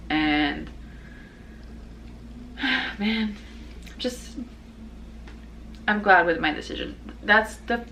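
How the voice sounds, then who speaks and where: A young woman talks casually as the host of her own show. Her voice sits a little low, and a faint hum of ambience lies behind her. She rambles easily, restarts sentences often and laughs readily. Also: bright, forceful tone, poor audio. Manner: rambling, chatty, many fillers and restarts. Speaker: podcast host. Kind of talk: casual personal chat.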